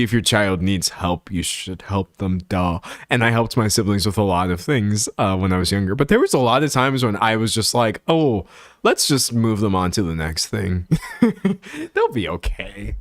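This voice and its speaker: A young man streaming, chatting casually and reading out chat, often laughing and slipping into high voices. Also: no room sound, clean studio sound. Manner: animated, laughing, slangy, jumps into high voices.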